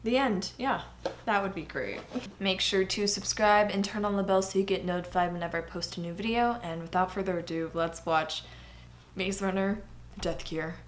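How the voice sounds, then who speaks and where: A woman giving casual movie reaction commentary, excitable and swearing as she talks back to the screen. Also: mid-range voice, moderate pace, a little hiss or hum.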